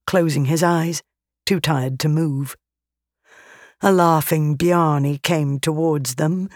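An audiobook narrator reading a fantasy battle scene slowly and deliberately. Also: mid-range voice, dry recording, clean studio sound. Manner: slow, deliberate, even reading.

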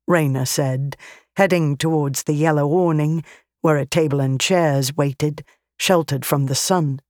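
An audiobook narrator reading a fantasy battle scene slowly and deliberately. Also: medium pitch, no room sound, studio quality. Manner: slow, deliberate, even reading.

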